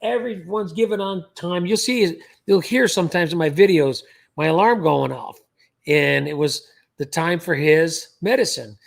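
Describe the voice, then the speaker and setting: A man's voice: a little high, normal speed, vocal fry. A man hosting a livestream, chatting casually in a rambling way with frequent restarts. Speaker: livestream host.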